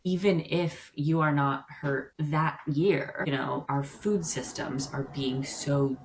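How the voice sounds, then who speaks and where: Low, gravelly-voiced woman co-host. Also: slow pace, slight background noise, low-quality recording. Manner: conversational, agreeing, rhetorical questions. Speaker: podcast co-host. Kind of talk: casual chat.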